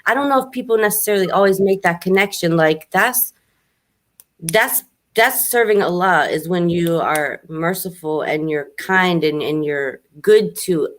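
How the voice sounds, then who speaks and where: A woman with a fairly low voice co-hosting a casual talk show. She explains her points in an earnest, plain way. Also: moderate pace. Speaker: podcast co-host. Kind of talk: casual chat.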